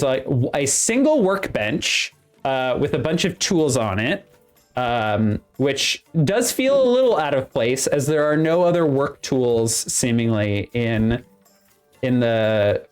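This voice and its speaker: A game master describing the scene of a tabletop game at an unhurried crawl, with frequent pauses, fillers and restarts. The pitch sits in a middle range. Soft music plays behind the voice. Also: smooth. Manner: halting, with many fillers and restarts.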